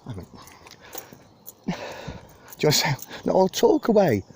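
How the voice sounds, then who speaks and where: A man's voice: fairly high pitch, wildly swooping pitch, measured pace, darkish tone. A man, rambling and self-deprecating as he gives a casual walking tour of a park, filmed on a handheld phone outdoors. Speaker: vlogger giving a walking tour. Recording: outdoor wind and birdsong noise.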